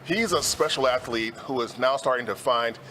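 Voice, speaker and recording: A man talking as a sports analyst on a talk show, relaxed and rambling with lots of fillers. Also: medium pitch, normal speed, a little hiss or hum.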